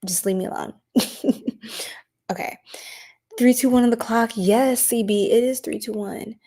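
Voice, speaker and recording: A tired woman giving a late-night live stream tarot reading, chatting playfully in slang and often dropping into soft whispers. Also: a little high, unhurried. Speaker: tarot reader.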